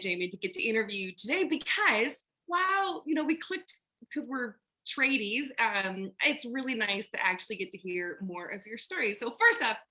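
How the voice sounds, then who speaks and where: A woman's voice: on the high side, bright, forceful tone. A woman hosting a video-call interview, bubbly and gushing, laughing a lot. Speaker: host. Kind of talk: casual interview over video.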